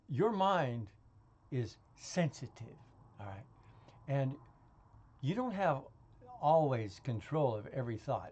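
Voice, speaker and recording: A man's voice: medium pitch, darkish tone, dull audio. A man talking in a casual, rambling monologue, full of swearing, laughter and restarts. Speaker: vlogger.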